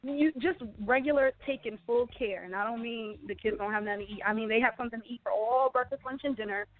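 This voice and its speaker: A woman's voice: a little high, quick pace. A woman hosting a talk radio discussion, speaking critically and emphatically. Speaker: radio show host. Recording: tinny phone-like audio.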